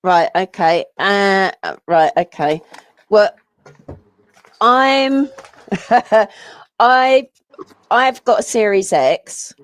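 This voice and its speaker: Woman co-host, slow measured questions, dead-dry recording. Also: mid-range voice, no room sound. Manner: measured questioner, fillers and self-corrections. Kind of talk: casual chat.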